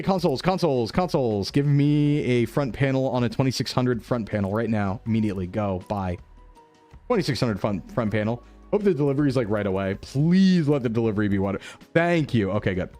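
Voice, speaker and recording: A man's voice: medium pitch, brisk, faint music behind. Chatty male streamer talking through a game. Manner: chatty, thinks aloud, excitable bursts. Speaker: streamer playing a repair simulator. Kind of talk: casual game commentary.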